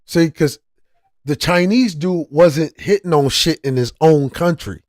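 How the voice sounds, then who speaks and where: A man's voice: fairly high pitch, unhurried, a little mellow, dry recording, studio quality. A man giving casual reaction commentary as a channel host, heated and profane, often restarting his sentences.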